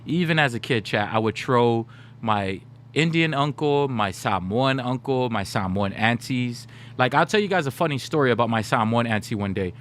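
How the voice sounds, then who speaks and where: A man's voice: medium pitch, normal speed. Laughing male streamer telling stories. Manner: animated, laughing, slips into put-on voices for quoted people. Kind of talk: casual storytelling to stream chat.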